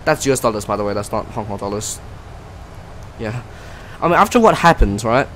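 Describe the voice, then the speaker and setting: A man's voice: on the low side, lively intonation, brisk, a bit bright, a little hiss or hum, poor audio. A man casually commenting on his flight sim stream, chatty and self-mocking, often trailing off and restarting.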